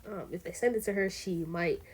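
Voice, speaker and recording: A woman's voice: fairly low pitch, brisk, darkish tone, breathy edge. A teenage girl casually telling a rambling story in a vlog, using lots of fillers and asides. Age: teens. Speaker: vlogger.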